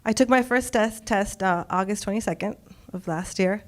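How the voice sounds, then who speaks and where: A woman's voice: mid-range voice, moderate pace. Middle-aged woman, storyteller, emotional, laughs a lot. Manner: emotional, laughs often, quotes others. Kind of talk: personal story told on stage.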